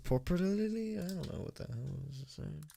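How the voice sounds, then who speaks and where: At home on a live stream, a man reads a horror story in a mid-range, creaky, dark voice at a fairly quick clip, with slight background noise. He trips over words, laughs at his mistakes, and pauses between passages to chat with and thank donors.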